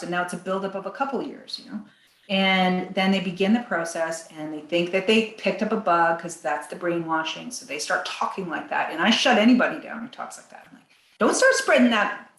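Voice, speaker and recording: A woman guest on a podcast interview, talking in an animated way, acting out quotes in a higher voice and laughing between points. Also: reverberant, rough recording.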